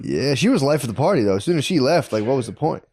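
A man with a lively, bouncing mid-range voice trading wisecracks in loose chat. He jumps in with dry jokes while his friend talks. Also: medium pitch, quick pace. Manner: joking interjections and wry commentary. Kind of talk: casual chat.

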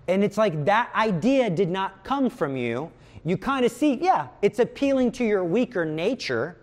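A man's voice: sits high, big pitch swings, normal speed. A man giving a conversational retreat talk, acting out inner voices as he explains. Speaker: retreat speaker.

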